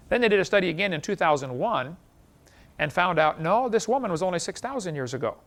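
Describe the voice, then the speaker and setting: A man teaches a class in a relaxed, folksy way, sprinkling in anecdotes and chuckling at his own jokes. His voice sits somewhat high and has a gravelly edge. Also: quick pace. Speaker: lecturer.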